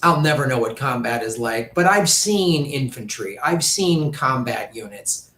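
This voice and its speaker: A man ranting through casual political commentary, profane and mocking, slipping into quick impressions of politicians. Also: mid-range voice, expressive, fairly bright tone, roomy sound.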